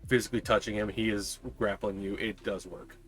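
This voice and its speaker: A man's voice: fairly low pitch, level tone, fairly quick, fairly bright tone, husky, soft background music. A man narrating a tabletop game as game master, describing scenes with frequent ums and uhs.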